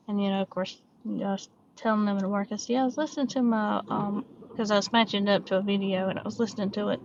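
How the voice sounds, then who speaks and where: A middle-aged Southern woman from upstate South Carolina rambles on in a casual vlog, full of ums and restarts. Her voice sits at an ordinary pitch and is picked up by a mic set some way off. The recording is dull and lo-fi, with clear noise underneath. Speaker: diamond painting vlogger. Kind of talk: casual chat while crafting. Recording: distant mic, muffled lo-fi sound, background noise.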